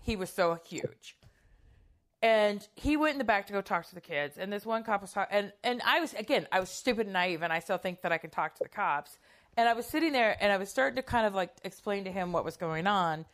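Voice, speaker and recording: A woman's voice: medium pitch, animated, brisk, fairly bright tone. A middle-aged woman telling a personal story in a casual, candid way, swearing freely and acting out quoted lines.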